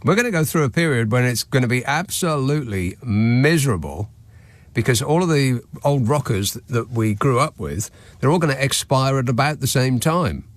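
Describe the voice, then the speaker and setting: A man's voice: medium pitch, lively intonation, moderate pace, no room sound. A man hosting a radio phone-in, talking in a dry, wry, conversational way. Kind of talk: radio talk show. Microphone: studio microphone.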